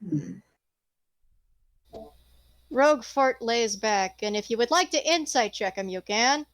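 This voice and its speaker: High-voiced woman game master. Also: slow, dry recording. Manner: rambling, expressive, swears casually. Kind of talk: narrating a tabletop game.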